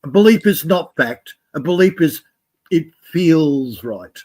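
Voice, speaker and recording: A man with a fairly high voice speaks in a slow, reflective way. He philosophizes calmly in casual chat.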